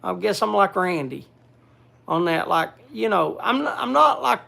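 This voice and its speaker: A man's voice: high-pitched, expressive, normal speed, gravelly, bright, forceful tone. A man casually chatting to viewers on a livestream, rambling with many restarts and scolding his pet. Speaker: livestream host.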